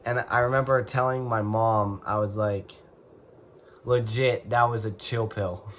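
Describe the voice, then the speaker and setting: A man's voice: lowish voice, steady tone, measured pace, slight background noise. Young man rambling through a story. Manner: rambling, heavy use of "like" and "and so". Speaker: vlogger. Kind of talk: casual storytelling.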